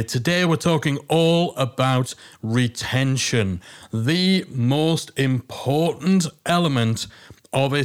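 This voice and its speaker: Chatty Geordie man hosting a podcast. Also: mid-range voice. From Northeast England. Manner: chatty, self-deprecating, emphatic. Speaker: podcast host. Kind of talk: casual podcast monologue.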